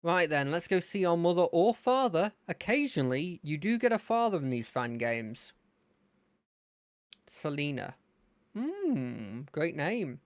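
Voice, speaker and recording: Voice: medium pitch, sing-song, measured pace, no room sound, studio quality. A game streamer chatting casually and playfully while playing a fangame, thinking aloud. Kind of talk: casual gameplay commentary.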